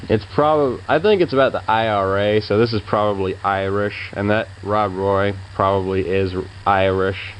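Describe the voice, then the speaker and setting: Low-voiced man rambling through movie reviews. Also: slight background noise, low-quality recording. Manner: rambling, hesitant, lots of fillers; offhand, laid-back opinions. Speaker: film reviewer. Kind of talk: casual spoken reviews.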